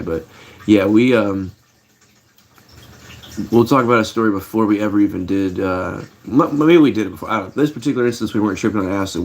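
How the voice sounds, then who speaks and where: Man, fairly low voice, middle-aged, casual livestream storytelling, rambling, filler-heavy. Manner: laid-back, rambling, many fillers and restarts. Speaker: livestream host. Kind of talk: casual storytelling to a live chat.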